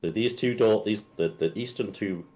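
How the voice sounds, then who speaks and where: A man's voice: fairly low pitch, moderate pace, darkish tone. A man narrating as game master of a tabletop game, describing scenes with hesitant fillers.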